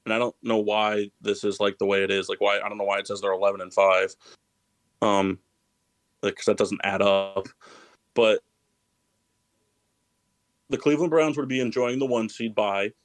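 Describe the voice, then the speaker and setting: A man's voice: fairly low pitch, flat delivery, moderate pace, long pauses, no room sound, rough recording. A man hosting a casual sports podcast, rambling and correcting himself, laughing often. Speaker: podcast host.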